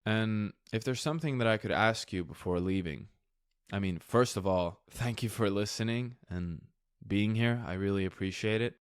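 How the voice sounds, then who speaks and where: Podcast host, male, lower register, open and reflective monologue, relaxed and blunt. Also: clean tone, no echo, studio quality. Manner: candid, reflective, casual with swearing.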